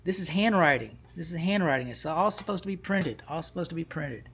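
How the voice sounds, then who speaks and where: Narrating his inspection of an electrical panel, a middle-aged home inspector repeats points and coaxes himself along with few pauses. His voice is on the high side, gravelly, a bit bright, and lively, a little fast, with some hiss or hum in the recording.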